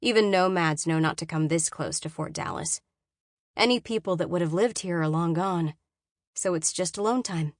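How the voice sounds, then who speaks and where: A woman reading a novel aloud in first person, measured and often hushed and inward. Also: lowish voice, no echo, studio quality. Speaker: audiobook narrator.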